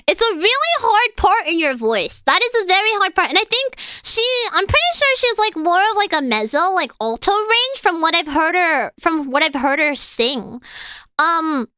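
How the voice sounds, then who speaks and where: A woman streamer with a very high, bright voice talks to her chat in a casual, excitable way. She explains singing technique as she reacts, full of "like" and "uh", and her pitch swings widely. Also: moderate pace, no echo. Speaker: streamer and singer.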